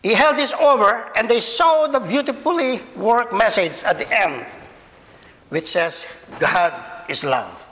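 Male pastor, very high voice, unhurried and deliberate, preaching to a church congregation with a long echo in the hall. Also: expressive, fairly bright tone. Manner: slow, deliberate, repeats words, speaks to children and adults. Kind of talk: sermon. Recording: long reverb of a large hall.

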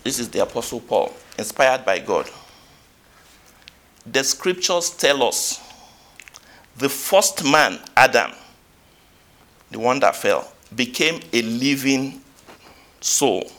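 Lively, bright-voiced male preacher. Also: slow pace, pauses often. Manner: rhetorical questions to the congregation, reads scripture aloud; swings between loud emphatic peaks and low quiet asides. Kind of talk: sermon.

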